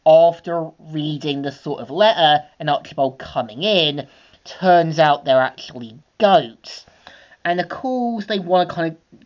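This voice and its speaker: A woman with a deep, low voice walks through a comic book story in a loose, rambling way, with plenty of fillers. The sound is dull and lo-fi. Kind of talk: casual comic review narration. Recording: dull lo-fi home recording.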